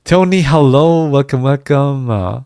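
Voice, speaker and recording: A man's voice: medium pitch, lively intonation, a little slow, mellow, clear, resonant tone, no room sound, clean studio sound. A man chatting casually with viewers during a livestream, laughing often and restarting his words as he goes. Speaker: music streamer.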